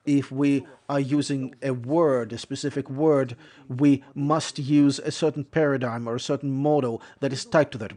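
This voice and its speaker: The man giving this English lecture on interpreting has a medium-pitched, darkish voice. He moves at a measured pace, frequently revising his words as he explains.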